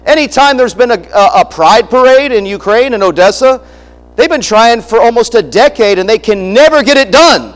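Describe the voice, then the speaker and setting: A middle-aged man preaching with a notably high voice. He speaks emphatically in a preacher's cadence, restarting phrases and throwing in asides to his congregation. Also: lively intonation, normal speed, long reverb tail, poor audio. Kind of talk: sermon.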